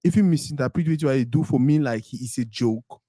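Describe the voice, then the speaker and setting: A man hosting an interview, relaxed and laughing as he asks questions. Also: medium pitch, fairly quick, no room sound, clean studio sound. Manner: relaxed, laughing, backchannels a lot. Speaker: interviewer host. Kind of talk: casual interview chat.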